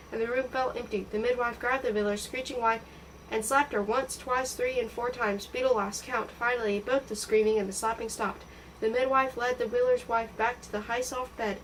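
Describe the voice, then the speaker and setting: A woman reading a novel aloud in a steady, expressive storytelling voice. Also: a little high, recorded from a distance, a little hiss or hum, rough recording. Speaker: audiobook reader.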